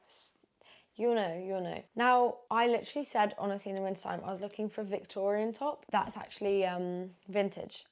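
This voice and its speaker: A woman's voice: medium pitch, darkish tone. Chatty young English woman vlogger. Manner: chatty, candid, slangy. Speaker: fashion vlogger. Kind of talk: casual try-on haul chat.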